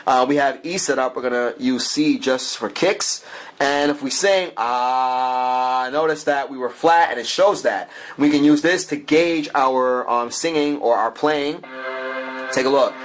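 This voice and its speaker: With a mid-range voice at a moderate pace, this app reviewer enthusiastically chats his way through a music app. Fillers pepper his speech, and he keeps turning aside to address the viewer.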